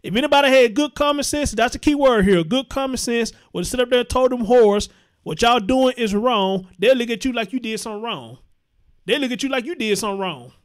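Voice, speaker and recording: A man with a high voice hosts a live commentary stream. He reads viewer comments aloud and answers in a blunt, profane way. He often repeats his points for emphasis. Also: animated, fast talker. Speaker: host.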